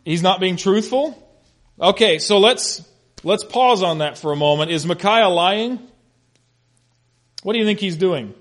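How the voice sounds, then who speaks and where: A man with a fairly high voice teaching a Bible study class. He is animated and full of questions, and he adds touches of humor as he walks through the passage. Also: measured pace, pauses often. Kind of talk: interactive Bible lesson.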